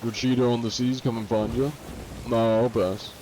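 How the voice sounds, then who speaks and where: A male streamer in casual live-stream chat, with a mellow, mid-pitched voice. He reads out viewers' messages and answers them offhandedly, now and then with a swear. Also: little pitch movement, moderate pace, slight background noise, low-quality recording.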